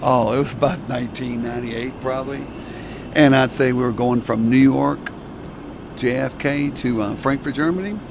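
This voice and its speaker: A man's voice: medium pitch, fairly even intonation, normal speed, gravelly, over music. A man flight attendant recalling an in-flight incident in a hesitant, rambling way. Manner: hesitant, many fillers and restarts. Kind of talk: casual storytelling.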